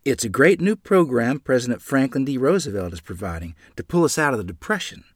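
A man voicing a weary but hopeful mother who speaks gently. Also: mid-range voice, big pitch swings, fairly quick, dry recording, studio quality, voice pushed up. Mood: explaining.

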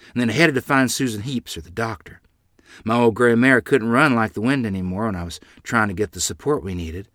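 A man narrating a memoir story in an expressive, dramatic way. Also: fairly low pitch, no room sound, studio quality.

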